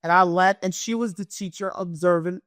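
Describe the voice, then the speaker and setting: A middle-aged woman with a naturally loud voice, a guest telling an emotional personal story and acting out what others said. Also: on the low side, a little fast, no room sound, clean studio sound. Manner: animated, acts out what others said.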